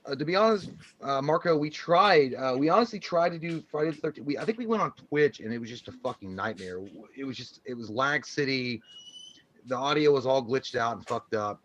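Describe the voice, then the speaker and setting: A man's voice: mid-range voice, lively intonation, a little fast, fairly bright tone, muffled recording. A man co-hosting a casual live stream and reading out chat, profane and rambling, laughing often.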